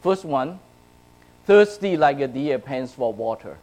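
A man's voice: mid-range voice, expressive, unhurried, darkish tone, low-quality recording. A man preaching a sermon to his congregation in a conversational way, often checking in with "right?" and "okay?". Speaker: pastor. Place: church, speaking to a congregation.

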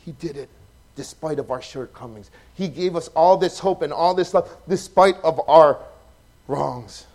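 A pastor, preaching a sermon that swings from loud, emphatic passages to soft, hushed ones. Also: male voice, a little high, unhurried. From Hawaii.

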